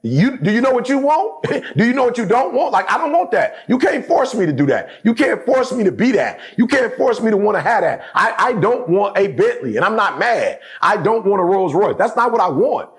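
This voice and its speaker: Brisk and very animated, with hardly any pauses, a middle-aged man talks in a high voice as a guest in casual conversation. He's emphatic, repeats phrases, and keeps checking in with "you know what I'm saying."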